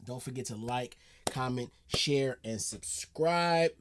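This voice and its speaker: A man's voice: medium pitch, slow, noisy background. A man hosting a reaction video, laughing, repeating punchlines and chatting casually in disbelief.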